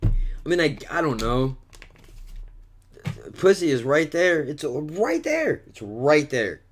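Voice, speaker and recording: A man's voice: a little high, sing-song, takes it slowly. A man rambling through a crude, profanity-filled vlog monologue, swearing and mocking himself. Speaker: vlogger.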